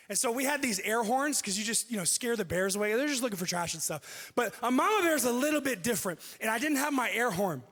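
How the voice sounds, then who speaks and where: A man preaching a sermon, telling a personal story with lively delivery and acting out what people said. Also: very high-pitched, fast talker. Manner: animated, acts out quoted speech. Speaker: pastor. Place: church auditorium. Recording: long hall reverb.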